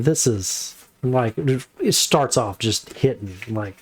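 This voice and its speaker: Man, casual book reviewer, talks in a halting way with many fillers, mid-pitched voice. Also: expressive, slightly rough.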